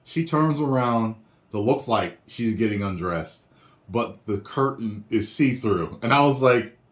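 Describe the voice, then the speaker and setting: A man hosting a reaction video, chatting casually with animated jokes and frequent laughter, recorded at home. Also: medium pitch, unhurried, roomy sound. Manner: animated, laughs often, jokey asides. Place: home room with a printer.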